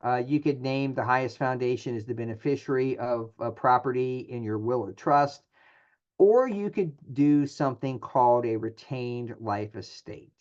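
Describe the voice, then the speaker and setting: A man's voice: mid-range voice, normal speed, a little mellow. A man giving a presentation on charitable gifts in a conversational style, with frequent filler words and restarts. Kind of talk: webinar presentation. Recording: dull lo-fi audio.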